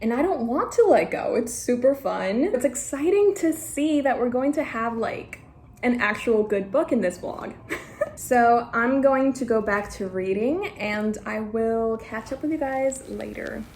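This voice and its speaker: A young woman book vlogger chatting casually to camera, gushing and excitable, often laughing. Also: a little high, measured pace, slight background noise. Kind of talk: casual vlog chat to camera.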